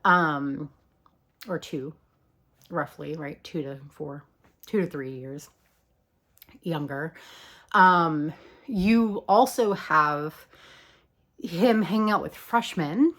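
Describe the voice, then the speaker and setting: A woman's voice: sits low, slow pace, long pauses, a bit bright. A woman talking casually as a video commentator, chatty with lots of ums and likes and casual swearing.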